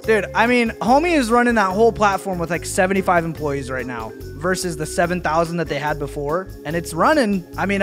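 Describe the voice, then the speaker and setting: An excitable young man reacts to memes in loose, slangy chat, leaning on "dude" constantly. His pitch leaps around with a lively, bouncy swing. Clip music plays clearly behind him. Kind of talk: casual reaction commentary.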